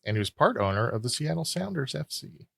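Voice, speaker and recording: A man's voice: medium pitch, sing-song, a little fast, vocal fry, a bit bright, slightly rough, no echo. A man hosting a casual podcast trivia game, reading out questions and scores and teasing players in a dry, wry way. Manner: dry, wry, explains things loosely with fillers. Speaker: quizmaster host.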